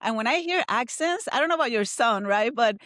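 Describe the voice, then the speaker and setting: A woman's voice: a little high, expressive, a little fast, fairly bright tone, no room sound, studio quality. A woman guest with a noticeable accent, speaking earnestly and encouragingly about finding purpose. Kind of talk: motivational interview talk.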